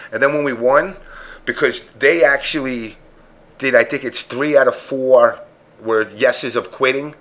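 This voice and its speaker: A man's voice: medium pitch, unhurried, a bit bright. Blunt, profane man telling a story. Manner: profane, blunt, acts out quotes. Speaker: podcast panelist. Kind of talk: casual chat storytelling.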